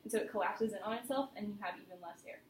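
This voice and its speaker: A woman's voice: mid-range voice, rapid-fire. A woman voice teacher giving a private singing lesson, chatty and encouraging as she explains with vivid images. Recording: roomy studio with faint noise.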